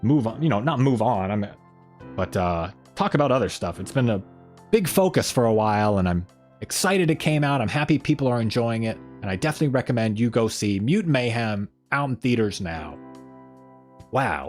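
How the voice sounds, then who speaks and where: A man hosting a casual live stream, rambling along and reading viewer comments aloud. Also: mid-range voice.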